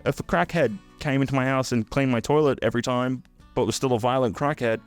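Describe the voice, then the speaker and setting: A young man with an Australian accent ranting casually to camera, sweary and blunt, with jokey asides and sudden high-pitched outbursts. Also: brisk, faint music behind. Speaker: YouTuber.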